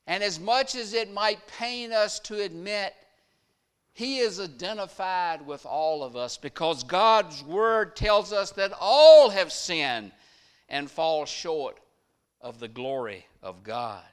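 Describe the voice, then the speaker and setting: A man preaching a sermon, retelling a story with dramatic rises and drops in loudness. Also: high-pitched, animated, takes it slowly, clean tone.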